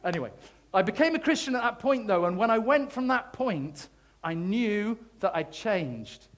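A man preaching a sermon, telling his own faith story in an animated, self-deprecating way. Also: high-pitched, normal speed. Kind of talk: sermon testimony.

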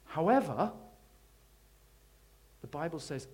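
A man preaching a sermon, telling his own faith story in an animated, self-deprecating way. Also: a little high, moderate pace, long pauses, slightly rough. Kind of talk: sermon testimony.

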